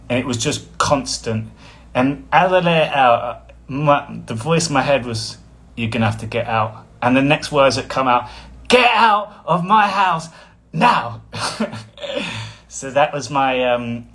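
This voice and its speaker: A man's voice: medium pitch, fairly bright tone. Rambling man on a live stream. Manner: rambling, chuckles often, blunt. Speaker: spiritual coach hosting a live stream. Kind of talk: casual livestream talk.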